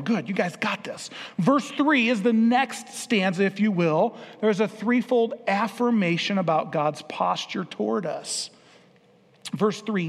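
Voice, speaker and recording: High-voiced pastor preaching in a reverberant hall. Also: male voice, unhurried, vocal fry. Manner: playful, engaging the congregation with questions. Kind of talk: sermon. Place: church sanctuary.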